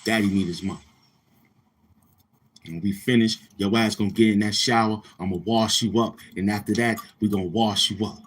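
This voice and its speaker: Husky-voiced man, boastful and crude. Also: on the low side, steady tone, brisk, hardly any pauses. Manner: boastful, crude, repetitive street talk. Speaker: livestream host. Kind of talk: casual livestream chat with viewers.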